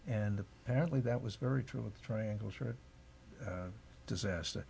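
A man's voice: fairly low pitch, normal speed, vocal fry, a little mellow, a little hiss or hum. A man on a radio talk show telling a story from memory. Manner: reminiscing, anecdotal. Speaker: studio guest.

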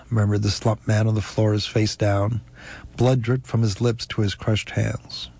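A man narrating an audiobook in a steady, even storytelling manner. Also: fairly low pitch, unhurried, vocal fry.

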